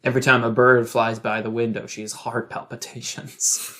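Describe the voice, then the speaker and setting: A man's voice: medium pitch, level tone, normal speed, pushed and bright. A man narrating an improvised audio drama in a casual, amused way. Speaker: co-host and improviser.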